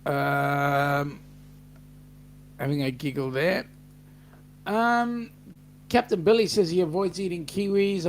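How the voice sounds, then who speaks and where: An Australian man hosts a relaxed live-stream chat and reads out viewer comments as they come in. He talks slowly in a somewhat high voice, with plenty of fillers and asides. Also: a little hiss or hum. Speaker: host.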